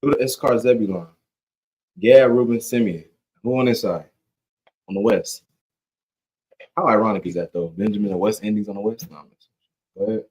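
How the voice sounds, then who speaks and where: A man's voice: lowish voice, fairly quick, pauses often, darkish tone, breathy edge, low-quality recording. Slangy man leading a casual Bible study. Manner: conversational, keeps saying "you know what I'm saying"; slangy and joking. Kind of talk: casual scripture teaching.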